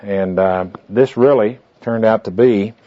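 On a dull lo-fi tape recording, a man leads a small group through a goal-setting handout in informal classroom talk with anecdotes. He's folksy and rambling, with fillers and asides, speaking at a measured pace in a voice on the low side.

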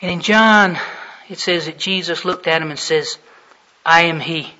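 A male preacher with a high, bright and forceful voice delivers a sermon. He swings dramatically between hushed, low passages and loud bursts. The recording sounds dull and lo-fi. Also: moderate pace.

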